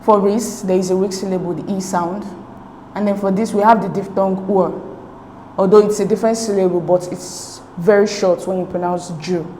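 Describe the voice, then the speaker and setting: A woman's voice: mid-range voice, fairly even intonation, moderate pace, mellow. A woman teacher explaining exam answers step by step, patient and methodical, often checking in with "okay?". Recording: echoey room with faint noise.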